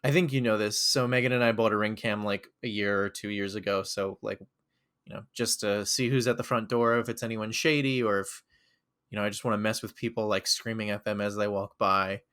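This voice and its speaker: A man's voice: fairly low pitch, steady tone, brisk, a bit bright. A young man co-hosting a podcast, telling a rambling story and laughing often. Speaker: podcast co-host. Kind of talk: casual chat.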